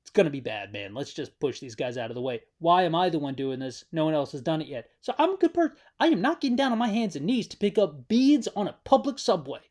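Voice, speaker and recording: A man's voice: fairly high pitch, very animated, fast, hardly any pauses, darkish tone. A man giving a casual, rambling spoken recap of a series, wry and talking straight to the viewer. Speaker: show recap host.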